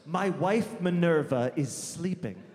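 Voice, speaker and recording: A man voicing a paranoid, shady male doctor who works from his apartment, speaking low and slow, recorded in a big theater hall. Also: big pitch swings, warm tone. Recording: big theater hall with faint crowd noise.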